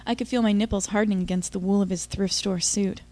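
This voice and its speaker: A woman's voice: medium pitch, steady tone, fast, a little mellow. A woman giving an intimate, confiding first-person audiobook narration.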